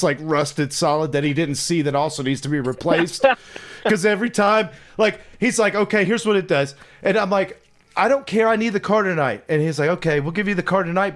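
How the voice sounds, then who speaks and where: A man telling a long, profane story in casual conversation, laughing as he acts out what people said. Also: a little high. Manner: animated, profane, laughing storyteller acting out quotes.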